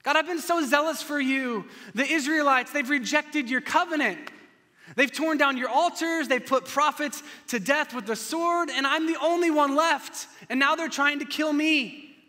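A man voicing a desperate, anguished male prophet who pleads loudly with God in a dramatized sermon quote. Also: extremely high pitch, normal speed, voice pushed up. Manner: strained, pleading and loud. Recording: long church reverb.

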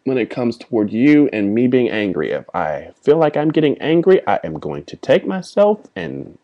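A man's voice: medium pitch, big pitch swings, normal speed, muffled recording. A young man vlogging a rambling, heartfelt apology, swearing freely as he talks. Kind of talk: personal apology vlog.

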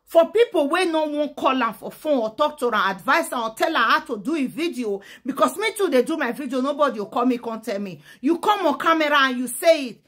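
High-voiced Nigerian woman ranting. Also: lively intonation, fairly quick, few pauses, fairly bright tone. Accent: Nigerian Pidgin. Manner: emphatic, fiery, switching between Pidgin and English. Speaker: social media commentator. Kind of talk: vlog rant in Nigerian Pidgin.

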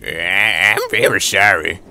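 A man voicing a gentle, polite old woman in a visual novel, in a deep voice close to his own. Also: slow pace, a little hiss or hum, heavily acted. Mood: apologetic. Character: kindly stout old woman on a train.

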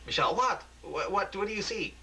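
An anxious female TV anchor in a homemade radio play, urgent and pleading, as a man raises his voice to play her. The tone is bright and sharp. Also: high voice, expressive, brisk, a little hiss or hum, pitched above the performer's own voice, exaggerated voice, poor audio. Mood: questioning.

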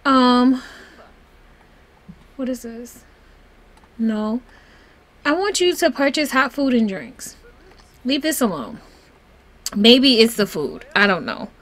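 A woman giving casual gameplay commentary in a voice pitched a little high. Her tone swings up and down freely. She chats along and coaxes her game characters like they're her kids. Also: sing-song, takes it slowly, long pauses, a bit bright. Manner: chatty, talks fondly to her game characters. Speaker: let's play host.

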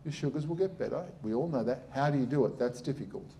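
Aussie surgeon guy giving a talk, blunt and sarcastic, warm dark voice. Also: medium pitch, quick pace, slight background noise. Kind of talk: lively public talk.

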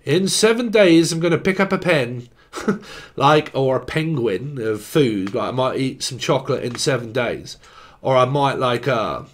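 A man giving a rambling, jokey solo tarot reading, free-associating and trying out silly voices. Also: mid-range voice. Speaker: tarot reader.

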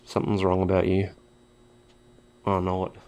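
A man with a fairly low voice narrates his own gameplay in a loose, jokey let's-play style. He swears freely and chats directly to the characters on screen as he plays. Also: completely flat delivery, normal speed, darkish tone, slight background noise. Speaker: gaming YouTuber.

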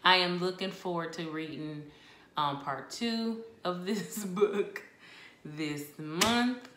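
A woman talks through her monthly book reviews in an expressive, chatty way. Her voice is bright and low-pitched, and her pace is unhurried. The room around her sounds echoey. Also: slight background noise. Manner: expressive, chatty, with laughs and asides. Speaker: book vlogger. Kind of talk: casual book review chat.

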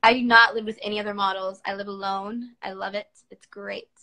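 A model in her twenties from Washington, D.C., United States, chats casually at home on a phone livestream, answering fans' comments. Her mid-range voice is level, fairly quick, pushed and bright, in a low-quality recording.

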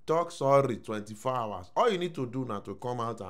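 Animated Nigerian man giving commentary. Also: mid-range voice, brisk, hardly any pauses. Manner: animated, mixes Pidgin, repeats "I don't know if I'm shouting". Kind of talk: casual opinion commentary.

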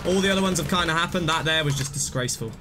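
Excitable young male gameplay streamer. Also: a little high, rapid-fire, background noise. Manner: rambling, self-mocking, excitable. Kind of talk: live gameplay commentary.

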